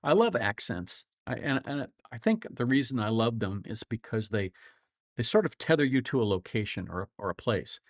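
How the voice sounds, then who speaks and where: A middle-aged man with a flat Midwestern accent, a lawyer hosting a casual livestream, rambling through folksy stories and chuckling often. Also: mid-range voice, moderate pace, dry recording, studio quality. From grew up all over the world.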